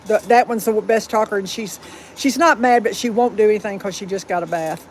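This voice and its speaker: A woman's voice: mid-range voice, brisk, low-quality recording. Southern woman, livestream host, rambling casual chat, faint background noise. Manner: chatty and rambling, firm about rude viewers.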